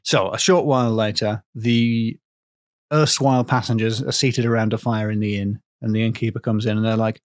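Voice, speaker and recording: A man co-hosting a podcast, telling a ghost story in a playful way with filler pauses. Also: on the low side, fairly even intonation, no echo, studio quality. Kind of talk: comedic storytelling.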